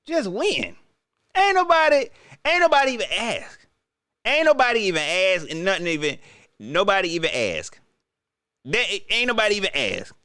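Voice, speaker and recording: A man's voice: sits high, big pitch swings, moderate pace, bright, forceful tone, smooth, no echo, studio quality. A man giving a casual, joking sports rant, incredulous and repeating himself for effect. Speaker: sports commentator.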